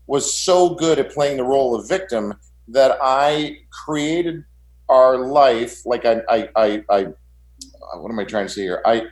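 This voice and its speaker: A man's voice: medium pitch, a little mellow. Guy confessing about his marriage, keeps restarting, echoey room. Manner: halting, repeats words while searching for them. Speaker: guest sharing his marriage story. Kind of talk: personal confession.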